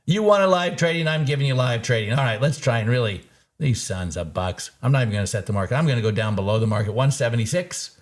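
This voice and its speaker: A man hosting a live trading-desk recap, easily excited and quick to laugh. He talks in a casual, chatty way at a middle pitch, full of folksy sayings. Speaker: trader and show host.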